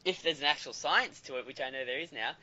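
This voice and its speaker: A man's voice: mid-range voice, quick pace, bright, forceful tone. A man hosting a casual interview, asking curious questions and laughing easily. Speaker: interview host. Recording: slightly muffled interview audio.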